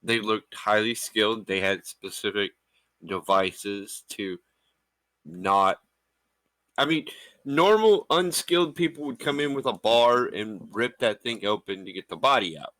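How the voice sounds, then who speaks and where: A man playing a tabletop game, explaining in a measured, hesitant way with ums. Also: on the low side, a bit bright, no echo. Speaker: player. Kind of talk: in-character explanation.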